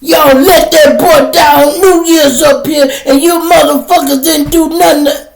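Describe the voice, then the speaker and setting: A man voicing a drunk, belligerent man who shouts slurred threats in a store. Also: extremely high pitch, steady tone, a little slow, vocal fry, soft background music, pitched above the performer's own voice, heavily acted. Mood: drunk ranting. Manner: shouting, aggressive, slurred taunts. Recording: roomy echo.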